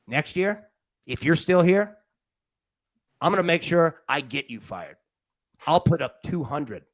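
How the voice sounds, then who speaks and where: Lively, rambling sports betting host. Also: male voice, high voice, no echo. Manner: rambling and joking, with frequent restarts. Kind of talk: casual live show chat. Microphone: studio mic on a live stream.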